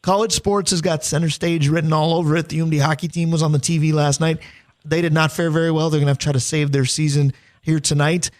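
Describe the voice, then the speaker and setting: A man's voice: on the high side, little pitch movement, fast talker. A man hosting a sports radio show, chatting casually and reading sponsor details in an upbeat way.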